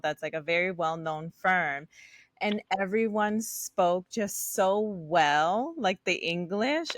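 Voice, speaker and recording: A woman hosting an interview, calm and reflective as she shares her own experiences. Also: lowish voice, no room sound. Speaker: host. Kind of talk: casual interview chat.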